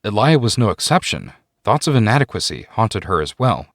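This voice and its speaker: Lower-voiced man narrating a story. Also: no echo, clean studio sound. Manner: measured storytelling with expressive ups and downs. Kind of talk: scripted audiobook narration.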